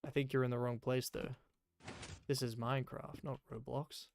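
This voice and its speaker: A man's voice: mid-range voice, little pitch movement, normal speed, vocal fry, background noise. A man chatting casually and rambling while playing a game on a live stream, with many fillers.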